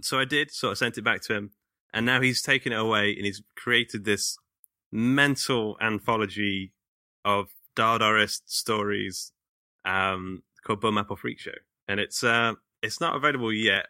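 Bright, dry-voiced podcast host. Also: male voice, lowish voice, normal speed, no room sound. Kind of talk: casual podcast chat.

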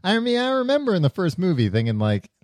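A man co-hosting a casual movie podcast, animated and laughing often, with plenty of fillers. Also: sits high, fast talker, no room sound, studio quality. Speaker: podcast co-host. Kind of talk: casual chat about movies.

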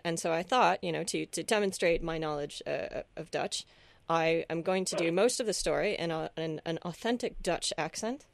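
A chatty woman on a casual finance podcast, her voice set a little low and recorded close and dry. She talks casually and self-deprecatingly, with frequent ums and restarts. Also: vocal fry, dry recording. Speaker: podcast host, financial journalist.

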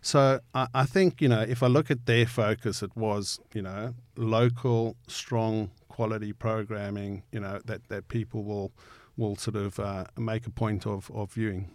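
A man speaks in a low voice, halting and repeating himself with fillers. The recording is dry and close. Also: steady tone, no echo. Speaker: guest, agency CEO. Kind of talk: casual interview chat.

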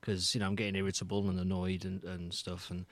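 A man co-hosting a comedy podcast, teasing and riffing in a dry, deadpan way. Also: deep voice, fast talker, no room sound. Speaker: podcast co-host. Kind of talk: casual improv comedy chat.

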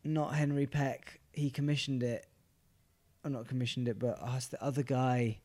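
A woman's voice: a bass voice, steady tone, normal speed, dark tone, no room sound. A woman co-hosting a podcast, answering quiz questions in playful banter with stumbling, giggly replies. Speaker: podcast co-host.

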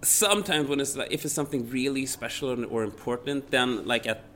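A man's voice: medium pitch, fairly quick, a little hiss or hum. A man whose first language is Swedish, a radio presenter and podcast guest, telling stories animatedly and acting out quotes. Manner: animated storyteller, acts out quotes. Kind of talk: casual interview chat.

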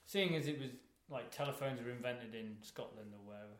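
A man's voice: mid-range voice, brisk. A man co-hosting a casual comedic podcast, rambling and wry. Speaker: podcast co-host. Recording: echoey room.

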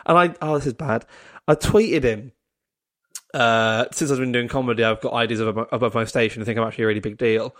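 A man on a podcast spins a long, self-deprecating story in a casual, rambling way. He keeps breaking into laughter at his own awkwardness. His voice sits at an ordinary middle pitch. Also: steady tone, fast. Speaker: comedian guest. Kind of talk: casual anecdote telling.

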